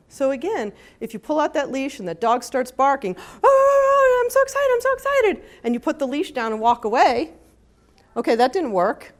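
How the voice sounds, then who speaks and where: A woman speaking as an animal behavior consultant at a conference, talking with lively energy and now and then acting out dogs and their owners in bursts of high pitch. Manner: lively, acts out dogs' and owners' voices with big pitch jumps. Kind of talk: conference talk. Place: conference hall.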